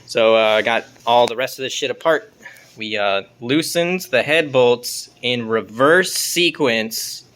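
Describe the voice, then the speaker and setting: A man's voice: medium pitch, measured pace, fairly bright tone. A man casually talking through car work in his garage, loose and profane. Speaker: car vlogger. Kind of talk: casual garage vlog talk. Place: home garage.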